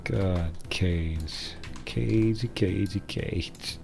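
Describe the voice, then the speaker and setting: Gravelly low-voiced man streaming. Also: very slow, faint music behind. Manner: rambling, excitable, bursts into high squealing impressions and laughter. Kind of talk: casual stream chat.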